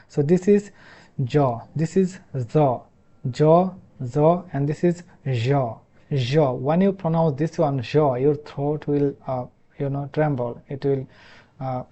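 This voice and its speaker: A man from Bangladesh with a Bangladeshi accent, a Bangla speaker teaching English pronunciation in a halting way, repeating each sound many times. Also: medium pitch, mellow. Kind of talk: explanatory lesson.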